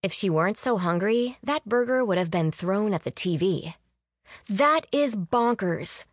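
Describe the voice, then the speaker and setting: A woman reading a novel aloud in a measured, even storytelling manner, on a close mic. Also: medium pitch, dry recording. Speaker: audiobook narrator. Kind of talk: scripted narration.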